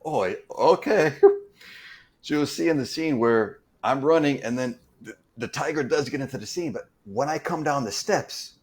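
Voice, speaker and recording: A man with an average-pitched voice recounting his time doing stunts. He talks in a loose, conversational way and stumbles over his words, restarting phrases as he searches for the next thought. It sounds like an unscripted guest on a chat show. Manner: halting, repeats words while recounting. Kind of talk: casual anecdote telling.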